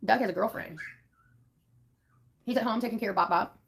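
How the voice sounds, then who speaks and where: Woman streamer, fast, blunt and profane, casual rambling chat. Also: medium pitch, creaky, a little hiss or hum. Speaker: live streamer.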